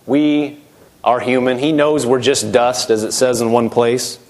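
A man's voice: mid-range voice, little pitch movement, a little slow, slight background noise. A middle-aged man preaching a sermon, emphatic, his voice rising and dropping sharply as he acts out quoted voices.

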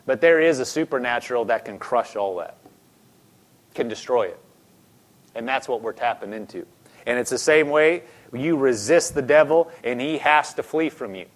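Man, preacher, sermon, conversational, mid pitch, deliberate emphasis. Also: expressive. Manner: conversational preaching, slows down and stresses key phrases.

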